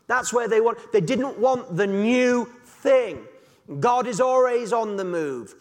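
A man preaches with rising passion, often breaking into shouts. His voice is unusually high for a man. A long hall reverb follows every line. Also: slow. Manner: impassioned, building to shouts. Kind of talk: sermon.

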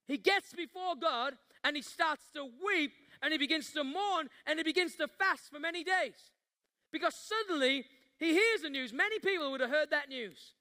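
A man's voice: very high-pitched, pushed and bright. A man preaching a passionate sermon, acting out Bible scenes with rising intensity before leading the congregation in prayer. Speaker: pastor.

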